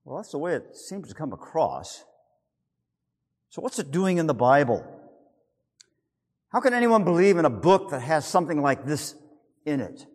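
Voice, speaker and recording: A man with a fairly high voice delivers a sermon, and his pitch swings widely as he acts out the scene. He tells the story vividly and keeps asking his listeners rhetorical questions. A long reverb trails behind his voice. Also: very animated, normal speed, long pauses, a little mellow. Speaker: pastor.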